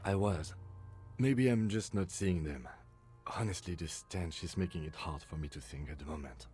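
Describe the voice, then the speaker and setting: An actor voicing a calm, methodical male police lieutenant in a game, speaking in a dry, clinical, composed way. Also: deep voice, normal speed, soft background music, natural voice. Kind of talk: game voice acting.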